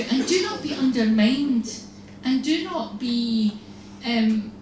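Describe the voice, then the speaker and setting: Nun in an echoey hall. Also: female voice, fairly high pitch. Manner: humorous, storytelling, acts out exchanges. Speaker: religious sister giving a talk. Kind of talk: lively faith talk to an audience. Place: large hall. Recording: echoey hall, distant mic, faint noise.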